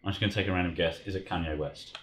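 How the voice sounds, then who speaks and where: A man's voice: low-pitched, steady tone, racing, a bit bright, roomy sound, slight background noise. A man co-hosting a podcast, running a quiz in casual banter, swearing freely and laughing often. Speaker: podcast co-host.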